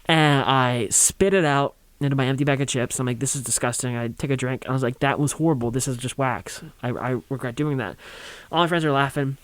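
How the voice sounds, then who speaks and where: A man's voice: mid-range voice, fairly quick, few pauses, no echo. A young man telling a rambling, funny story on a college radio show, acting out quotes and laughing along.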